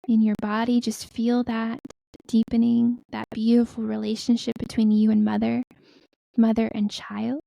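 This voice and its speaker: Very dark, gravelly woman leading a meditation. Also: on the high side, monotone, no echo, dull audio. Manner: soft, slow, soothing delivery that drops into whispers; chants in invented light language. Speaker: guest spiritual healer. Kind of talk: guided meditation.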